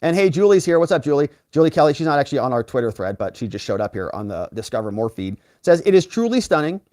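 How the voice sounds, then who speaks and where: Animated sarcastic male livestream host. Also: fairly high pitch, dry recording, clean studio sound. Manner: animated and sarcastic, quick asides. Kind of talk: live political commentary, reading viewer comments.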